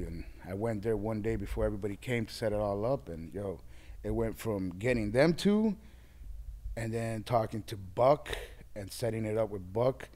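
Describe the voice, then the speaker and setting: A lower-voiced man tells stories in a relaxed interview. He is animated and acts out the voices of the people he quotes. His pitch stays on the low side. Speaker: guest DJ. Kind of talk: casual storytelling interview.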